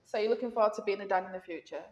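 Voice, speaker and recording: A woman's voice: mid-range voice, rapid-fire, lo-fi sound. Teasing Yorkshire woman host, echoey room. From Leeds, West Yorkshire, England. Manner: teasing, playful, laughs often. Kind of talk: casual interview chat.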